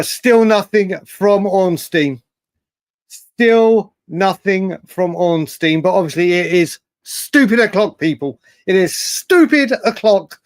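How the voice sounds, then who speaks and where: A man hosting a late-night live fan stream, reading viewer messages and bantering in a rambling, excitable way with lots of slang. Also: sits high, dry recording, studio quality. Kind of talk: live stream chat reading super chats.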